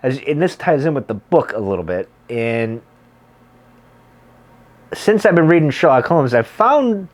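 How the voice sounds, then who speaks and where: A man's voice: mid-range voice, sing-song, measured pace, long pauses. A middle-aged man chatting casually to camera as a pipe-smoking vlogger, rambling and circling back to his points.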